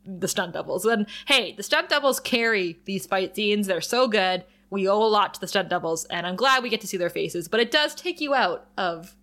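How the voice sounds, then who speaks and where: A woman co-hosting a podcast, casually recapping a TV episode with frequent laughs and quick acted-out quotes. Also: mid-range voice. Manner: animated, laughs often, acts out quotes.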